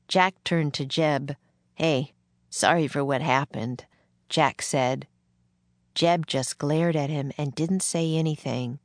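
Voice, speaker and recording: A woman reads a children's story aloud in a calm, steady way. Her voice is low and her pace slow. The recording is dry and close. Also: dry recording. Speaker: narrator. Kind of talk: storybook narration.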